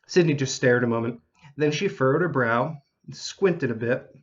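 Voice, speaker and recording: A man narrating a children's storybook in an expressive, animated reading style. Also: mid-range voice, moderate pace, lo-fi sound.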